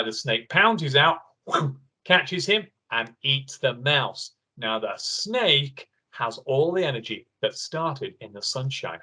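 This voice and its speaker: Lively man teaching kids online. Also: mid-range voice. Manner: animated storytelling, voicing the animals. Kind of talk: live online lesson for children.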